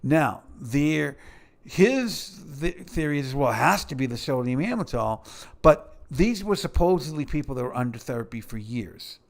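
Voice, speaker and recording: Man, casual commentary, sarcastic, rambling, mid-pitched. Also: animated, normal speed.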